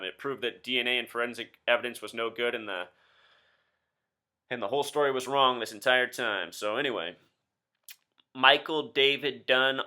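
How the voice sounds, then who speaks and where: Bright-voiced man lecturing viewers intently. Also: mid-range voice, clean tone. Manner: insistent, addresses viewers directly, rhetorical questions. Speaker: video host. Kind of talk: solo commentary video.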